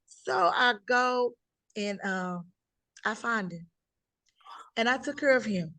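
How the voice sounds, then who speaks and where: A woman's voice: fairly high pitch, slow, sharp tone, no room sound. Emphatic middle-aged woman storyteller. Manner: emphatic storyteller, acts out voices in quotes. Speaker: guest telling her life story. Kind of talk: conversational interview.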